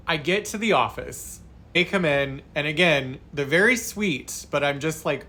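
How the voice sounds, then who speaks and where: A man casually telling a story from his past work, animated and expressive. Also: medium pitch, moderate pace.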